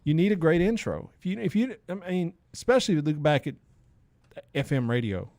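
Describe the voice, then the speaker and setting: A middle-aged man co-hosting a podcast in casual chat, emphatic and quick to laugh. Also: fairly high pitch, sing-song, darkish tone, no echo. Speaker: podcast co-host.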